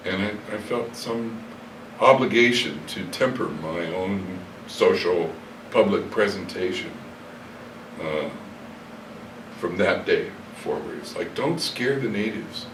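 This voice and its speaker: An older man with a low voice tells long stories from his past, hesitating and correcting himself as he goes. He sounds set back from the mic in an echoey room, with a faint hiss underneath. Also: lively intonation, a little slow, pauses often, recorded from a distance. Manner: rambling, hesitant, with many fillers and self-corrections. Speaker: interviewee. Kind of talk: reflective storytelling interview. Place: hotel room.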